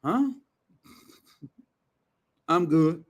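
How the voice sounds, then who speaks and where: A man hosting his own show, ranting casually in a loud, blunt, profane way with heavy slang. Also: on the high side, animated, very slow. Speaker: show host.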